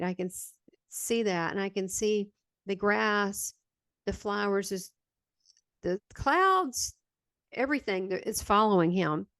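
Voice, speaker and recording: A woman's voice: medium pitch, no echo. A woman with a Southern American accent, a guest medium recounting a personal near-death story in a meandering, hesitant way with many fillers. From Southern United States.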